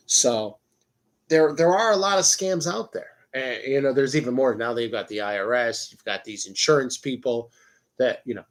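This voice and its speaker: A man's voice: medium pitch, normal speed. A man hosting his own show in a rambling, profane casual monologue, often cutting himself off mid-sentence. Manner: rambling, profane, self-interrupting. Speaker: podcast host.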